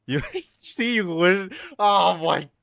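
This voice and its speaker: Male streamer, animated pitch, dry close-mic sound, rowdy chat reading. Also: takes it slowly, creaky, no room sound. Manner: loud, swearing, swings from yelling to low mutters. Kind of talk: casual livestream chat with viewers.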